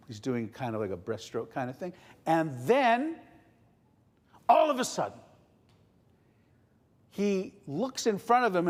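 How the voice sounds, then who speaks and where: A man telling a story to children in a playful, animated way at a family service, addressing his listeners directly. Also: on the high side. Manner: playful, talks directly to the audience. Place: synagogue sanctuary. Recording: long reverb of a large hall.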